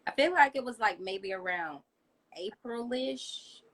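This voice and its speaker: A woman's voice: on the high side, animated, a little slow, fairly bright tone, low-quality recording. A woman co-hosting a casual podcast interview, agreeable and loose, full of "like" and "um". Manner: casual, agreeable, many fillers and "like".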